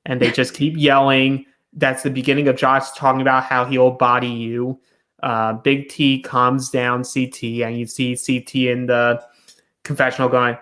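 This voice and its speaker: A man's voice: medium pitch, little pitch movement, normal speed, a bit bright. Man recapping a reality show. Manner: retells scenes, briefly acting out the cast's lines. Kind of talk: casual recap chat.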